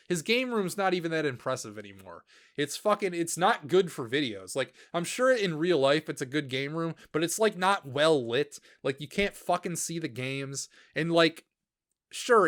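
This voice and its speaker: Bright-voiced profane man ranting. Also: a little high. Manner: profane, blunt, laughs often. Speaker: YouTuber ranking channels. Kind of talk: casual opinionated rant.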